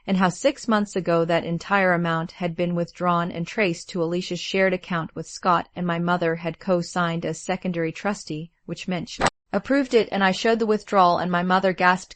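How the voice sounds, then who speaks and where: A woman calmly narrating a first-person story in a steady, measured way. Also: on the low side, no echo.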